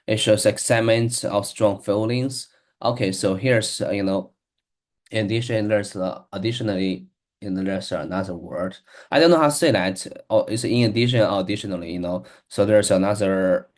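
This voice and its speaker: Halting, hesitant man learning English. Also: on the low side, darkish tone. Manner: halting, hesitant, many restarts. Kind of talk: casual reading-aloud practice.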